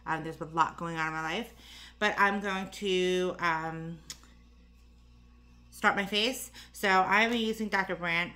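Tired woman doing a makeup vid, bright low-ish voice, rambly and a bit out of breath, filmed close on her phone at home. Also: steady tone, takes it slowly. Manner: rambling, many fillers and asides. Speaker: beauty vlogger. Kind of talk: casual makeup tutorial chat.

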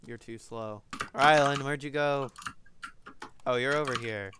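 A man's voice: mid-range voice, a little slow. A man playing a game with a friend over a voice call, mocking him wryly while they play. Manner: wry, mocking teammate. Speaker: gamer in a voice call. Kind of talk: casual gaming banter. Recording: clear hiss and keyboard clicks.

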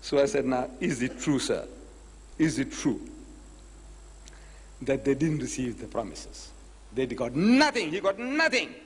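A man's voice: high voice, breathy edge. A man giving a public lecture, retelling a debate and acting out both sides of the conversation. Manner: animated storyteller, acts out both sides of the dialogue. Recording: echoey lecture hall recording.

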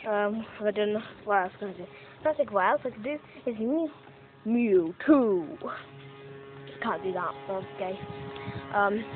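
A woman's voice: medium pitch, fairly quick, music in the background. Chatty young woman, tinny phone sound. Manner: chatty, self-mocking, swears casually. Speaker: vlogger. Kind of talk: casual commentary while playing a mobile game. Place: outdoors, walking around. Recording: tinny phone-like audio with faint noise.

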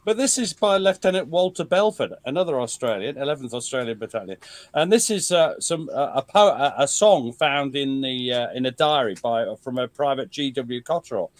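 A man's voice: medium pitch, animated, normal speed, no room sound. A man, guest historian on a podcast, joking and laughing often in casual chat. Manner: jokey, self-mocking, laughs often. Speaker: guest, military historian and author.

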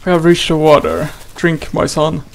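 Man, gaming host, playful let's play commentary, slightly high, gravelly, slow-paced. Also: little pitch movement, low-quality recording. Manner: playful, exclaiming, talks to the game character.

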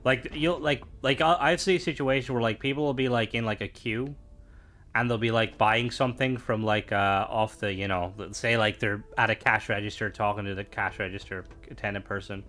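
A man's voice: on the low side, steady tone, fairly quick, fairly bright tone. A young man streaming a game, chatting casually and rambling with lots of fillers and playful asides. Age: young adult. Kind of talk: casual chat while gaming.

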